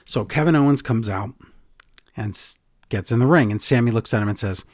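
A man co-hosting a casual podcast, retelling events with animated storytelling. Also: lowish voice, a little fast, no echo, studio quality. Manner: animated storyteller, acts out quotes. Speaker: podcast co-host recapping wrestling. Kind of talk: casual chat.

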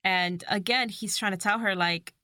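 A woman's voice: mid-range voice, normal speed, pushed and bright, no room sound, clean studio sound. A woman co-hosting a casual movie recap, playful, acting out the characters' lines and laughing.

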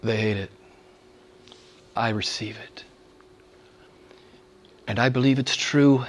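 A man's voice: medium pitch, slow. A man preaching a sermon to his church, emphatic, often repeating phrases and asking his listeners to agree. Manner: emphatic, repeats phrases, asks "right?" of the congregation. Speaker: pastor. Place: church service.

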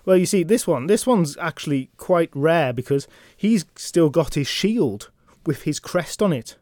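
A man putting on a whiny, high-pitched knight who hoards captives. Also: expressive, unhurried, darkish tone, no echo, clean studio sound. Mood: gloating. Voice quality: whiny, childish. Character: petulant possessive male knight collector.

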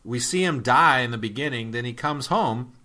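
Bright-voiced laid-back male podcaster. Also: medium pitch, lively intonation, normal speed. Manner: laid-back, laughing, questioning the plot. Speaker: podcast co-host. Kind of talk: casual chat reviewing a film.

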